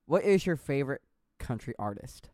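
Dude hosting, reads out chat msgs, bouncy pitch, dry close sound. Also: male voice, moderate pace, no echo. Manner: lively, laughing, reads messages aloud. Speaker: podcast host reading viewer messages. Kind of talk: casual chat.

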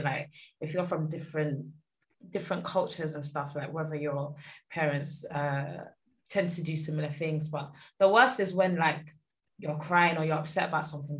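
A young woman in her twenties co-hosting a casual chat, telling animated stories and laughing often. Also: sits low, rough recording. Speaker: podcast co-host.

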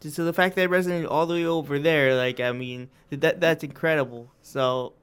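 A man's voice: on the high side, fairly even intonation, fairly quick, a bit bright, clean tone. A young man co-hosting a casual podcast chat, talking hesitantly with lots of fillers. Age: young adult. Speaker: podcast co-host.

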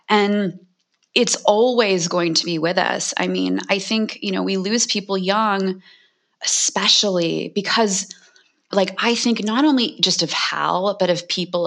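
Candid, fast-talking woman in her forties. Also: fairly low pitch, gravelly, a bit bright. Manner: emotional, fast, frequent "like" fillers. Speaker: guest author. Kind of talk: candid conversational talk.

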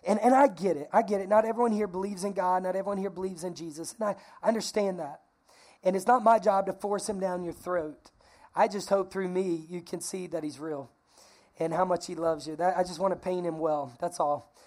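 A woman pastor preaching a lively, conversational sermon, calling on the congregation to repeat phrases. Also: fairly low pitch, a little fast. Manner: energetic, conversational, calls for congregation responses.

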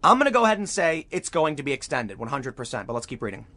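A man's voice: mid-range voice, big pitch swings, quick pace, sharp tone, dry recording. A man giving opinionated political commentary as he reads news aloud, emphatic and prone to repeating words when fired up.

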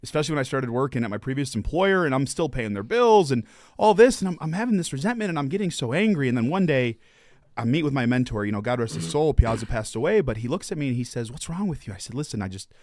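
A man's voice: mid-range voice, lively intonation, fast talker, darkish tone, no room sound. Earnest male podcast host, dry sound. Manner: earnest and encouraging, retelling stories with quoted dialogue. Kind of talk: casual podcast conversation.

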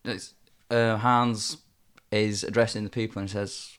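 A man co-hosting a podcast in casual chat, retelling scenes in an animated way and acting out the quotes. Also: lowish voice, unhurried, clean tone. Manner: animated storyteller, acts out quotes. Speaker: podcast co-host.

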